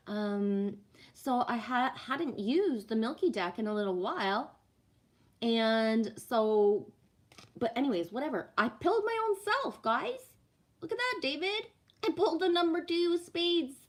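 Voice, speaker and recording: This Canadian card reader speaks at a measured pace in a high, expressive voice. She keeps things casual on her live stream, cursing without hesitation and answering comments from viewers.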